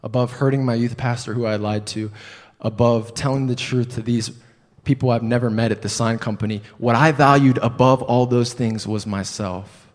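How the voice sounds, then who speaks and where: A man with a lowish voice preaches in a church, recounting a personal story conversationally and poking fun at himself. He asks rhetorical questions and restarts hesitantly, and the recording carries a long hall reverb.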